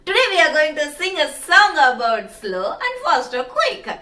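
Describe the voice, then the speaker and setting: A woman's voice: high-pitched, sing-song, moderate pace, bright, forceful tone. A woman hosting a children's song video, giving parents simple, encouraging instructions. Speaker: host of a children's song channel. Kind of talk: intro talk to parents before a kids' song.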